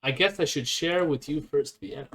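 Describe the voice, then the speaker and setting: A man with a fairly high voice hosts a relaxed live stream. He reads an article aloud and breaks off to comment on it, with plenty of "uh"s and restarts. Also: normal speed. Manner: chatty, with frequent fillers and self-corrections. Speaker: streamer host.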